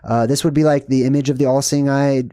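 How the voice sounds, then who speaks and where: Male host with a warm, dry voice, talking loosely and conversationally through his movie decodes. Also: fairly even intonation, fast talker, smooth, dry recording. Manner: rambling, checks in with "okay?" and "boom". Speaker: movie symbolism commentator. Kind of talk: casual screen-share commentary.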